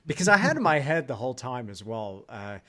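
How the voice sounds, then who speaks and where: A man's voice: medium pitch, sing-song, a little fast, bright, forceful tone. A young man hosting an interview, speaking earnestly and reflectively with frequent stammered restarts. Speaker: host, artist. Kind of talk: casual interview conversation.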